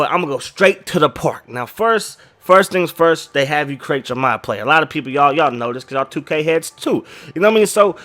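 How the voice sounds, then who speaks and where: A man's voice: a little high, a bit bright. A man chatting casually while he plays a video game, rambling and slangy, often asking "you know what I mean". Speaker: gaming YouTuber.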